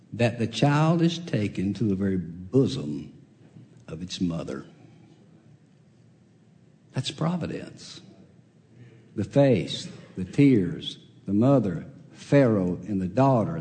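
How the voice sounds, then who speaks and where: A man preaching a sermon with a folksy, storytelling manner, swinging between loud and soft passages. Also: on the low side, animated, takes it slowly, long pauses. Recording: long hall reverb.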